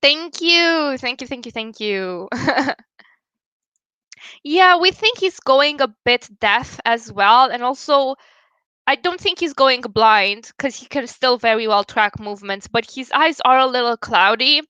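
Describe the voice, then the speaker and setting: Bright-voiced chatty woman streamer. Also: high-pitched, lively intonation, a little slow, clear, resonant tone, no echo, dull audio. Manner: chatty, giggly, talks to chat viewers. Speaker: livestream host. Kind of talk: casual livestream chat.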